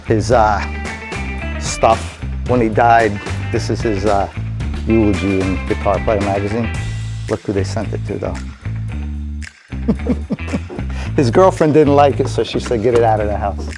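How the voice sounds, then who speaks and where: Man, fairly low voice, anecdotal storytelling, animated, acts out quotes. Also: slow pace, gravelly, pauses often, over music. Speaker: town mayor.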